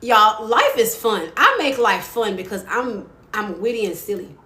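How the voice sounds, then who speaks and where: A woman hosting a casual livestream chat in a playful, chatty way, laughing often and squealing high when excited. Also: a little slow. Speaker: livestream host. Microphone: phone mic. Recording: roomy with faint ambient noise.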